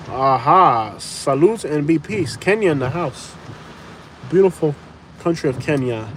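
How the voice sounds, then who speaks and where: A man with a slightly high voice chats and jokes his way through a live stream, repeating phrases and laughing easily. He talks from inside a running truck, with a faint engine hum and storm noise underneath. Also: lively intonation, unhurried, long pauses. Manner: jokey, laughs often, repeats phrases playfully. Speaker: live-stream host reading viewer comments. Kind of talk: casual live-stream chat. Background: engine hum, wind and rain.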